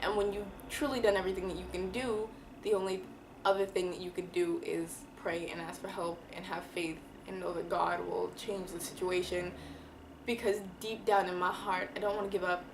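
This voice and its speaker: Candid woman vlogging, low voice. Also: flat delivery, noisy background. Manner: candid and emotional, slangy, drawn-out words. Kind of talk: personal confessional vlog.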